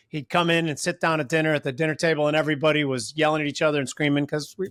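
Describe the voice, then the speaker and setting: Podcast host guy, upbeat jokey, kinda high voice, very dry sound. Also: a bit bright, dry recording. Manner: upbeat, joking, plain-spoken. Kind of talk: casual chat.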